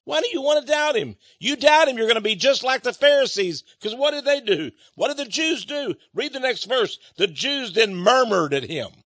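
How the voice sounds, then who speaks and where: A male preacher with a high, swooping voice, reading scripture and explaining it with emphasis. He fires rhetorical questions at his listeners and chuckles between points. The recording is dry and close, with no room sound. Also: animated, moderate pace, a bit bright, dry recording.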